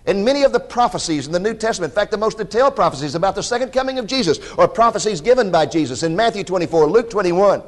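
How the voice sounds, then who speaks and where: Male preacher, higher-pitched, animated storyteller who dramatizes the quotes. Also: quick pace, hardly any pauses. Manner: directs listeners to scripture passages. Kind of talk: sermon.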